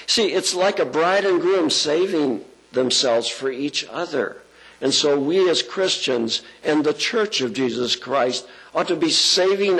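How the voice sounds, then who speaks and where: A man's voice: medium pitch, a bit bright, slightly rough, rough recording. A middle-aged man preaching a sermon, talking conversationally and asking his congregation rhetorical questions, with his voice rising for emphasis. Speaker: pastor.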